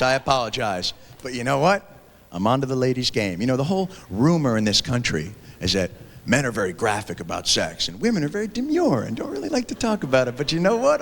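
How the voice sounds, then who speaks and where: A man in his thirties performing a stand-up comedy routine on stage, acting out characters in quick voices, recorded from a 1990s TV special on VHS with audience laughter. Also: a little high, fairly bright tone, slight background noise. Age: 30s. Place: theater stage before a live audience. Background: audience laughter and applause.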